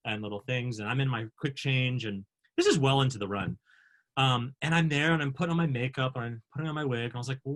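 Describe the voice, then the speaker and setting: A man hosting a video panel, telling a self-mocking backstage story with animated, acted-out quotes. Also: medium pitch. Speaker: panel host, actor. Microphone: video call.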